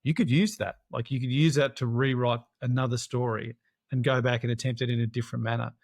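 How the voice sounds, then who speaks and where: A man's voice: medium pitch, fairly quick, dry recording. Man telling an adventure story, dry sound. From Australia. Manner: animated, acts out quoted dialogue. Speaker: interview guest, adventure racer. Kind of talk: storytelling in a casual interview.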